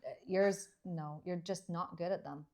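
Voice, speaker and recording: A woman's voice: lowish voice, fairly even intonation, measured pace, a little mellow. Dry, teasing Canadian woman co-host. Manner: dry, teasing, laughs often. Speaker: dentist and podcast co-host. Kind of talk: casual podcast chat.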